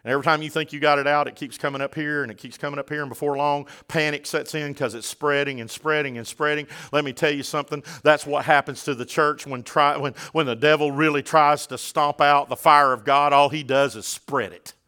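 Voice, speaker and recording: A man's voice: on the high side, fairly even intonation, brisk, few pauses, sharp tone, clean tone. A male pastor, preaching a sermon and calling out to his congregation, building in force as he goes. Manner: calls out to the congregation.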